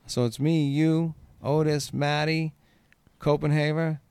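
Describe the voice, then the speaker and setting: A man's voice: a little high, little pitch movement, slow, a little mellow, clear, resonant tone, no echo. A man hosting a podcast, telling stories in a casual chat, laughing and swearing freely. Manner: laughing, profane storyteller. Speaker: podcast host.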